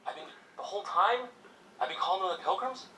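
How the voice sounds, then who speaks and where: A man narrating comedic history, sarcastic and animated, with swearing and mock outrage. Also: high-pitched, quick pace, distant mic, poor audio.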